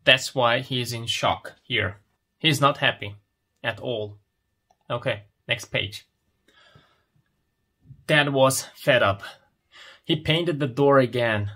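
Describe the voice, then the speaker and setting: A man teaches English at a very unhurried pace. His voice is bright and forward, and he asks simple questions about a picture story and then answers them himself. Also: medium pitch, breathy edge. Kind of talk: slow explanatory lesson, reading a picture story.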